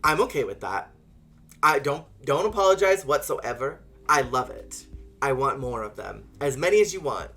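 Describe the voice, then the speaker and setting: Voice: medium pitch, very animated, normal speed, a bit bright, breathy edge. A streamer giving playful, giggly commentary on a live game playthrough and chatting with viewers. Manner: playful, giggly, talks to chat.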